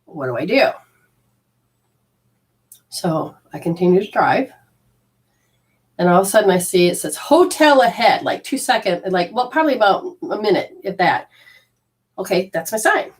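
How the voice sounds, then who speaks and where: A woman spiritual teacher tells a personal story with lots of animation. She acts out her own lines and jumps from loud outbursts to quiet asides, and her pitch climbs sharply in the excited moments. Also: moderate pace, pauses often. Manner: swings from loud outbursts to soft murmurs. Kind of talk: storytelling talk.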